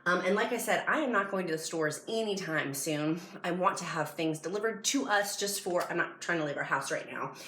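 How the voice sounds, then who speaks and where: A woman vlogger chatting casually at home through an unboxing, gushing and excitable as she talks. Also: fairly low pitch, a little fast, few pauses. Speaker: product review vlogger. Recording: echoey room with background noise.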